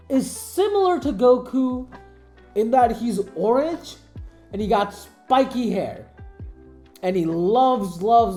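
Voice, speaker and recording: A woman giving casual anime commentary, excitable and emotional, swearing freely. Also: mid-range voice. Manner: excitable, profane, emotional fan talk. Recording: echoey room, faint music.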